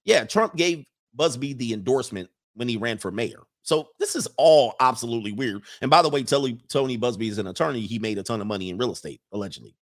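A man's voice: medium pitch, fast talker, hardly any pauses. A man giving casual sports commentary who rambles, often restarting and correcting himself.

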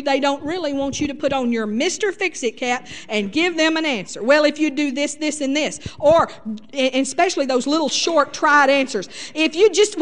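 A middle-aged woman preaching a sermon in a lively, folksy way, sprinkling her talk with hallelujahs. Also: high voice.

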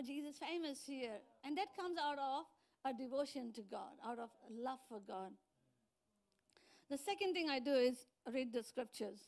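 A woman pastor in middle age delivers a sermon with a notably high voice. She preaches in an animated storytelling manner, acting out the lines of the people in her stories. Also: vocal fry. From outside New Zealand. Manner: animated storytelling with acted-out quotes.

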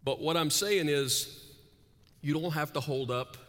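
Male pastor, sermon, bright voice, surging then hushed, long hall reverb. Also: on the high side, a little slow. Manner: energetic, swings between soaring intensity and hushed asides, "right?" tags. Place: large church auditorium with several sites. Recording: echoey hall.

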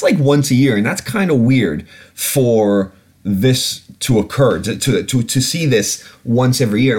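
A man in his thirties hosting a podcast, ranting casually and profanely with many restarts. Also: medium pitch. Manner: animated, profane, rambling with restarts. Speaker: podcast host. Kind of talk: casual monologue. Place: lives in London.

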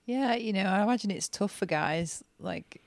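A woman's voice: mid-range voice, moderate pace, gravelly, no echo. A woman co-hosting a podcast, chatting casually in an earnest, reflective way. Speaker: podcast co-host, partner of the host.

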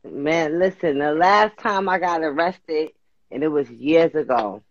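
A woman's voice: sits low, measured pace, no echo, lo-fi sound. A woman co-host talking in a blunt, profane, emphatic way in a casual podcast chat.

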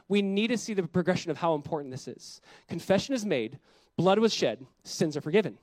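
A man's voice: high voice, lively intonation, brisk, darkish tone, no echo, rough recording. A man who is a pastor, preaching a sermon in an earnest, conversational way that builds in intensity.

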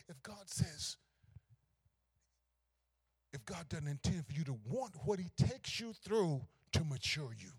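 A pastor preaching a sermon, swinging from hushed asides to shouted climaxes. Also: male voice, a little high, very animated, takes it slowly, long pauses, slightly rough.

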